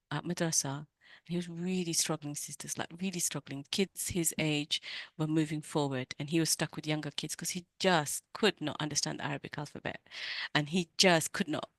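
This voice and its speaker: A middle-aged woman coach giving an earnest, emotional personal talk to other women, with halting restarts. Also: low-pitched, dry recording.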